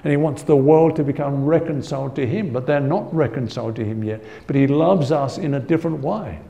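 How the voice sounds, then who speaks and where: A man's voice: mid-range voice, fairly quick, gravelly, mellow. A man preaching a Bible-teaching sermon in a conversational way, repeating his key points and often saying "you know.".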